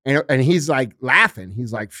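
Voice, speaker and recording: A man ranting as a podcast guest, profane and forceful. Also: mid-range voice, expressive, normal speed, no room sound, studio quality. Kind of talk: heated podcast rant.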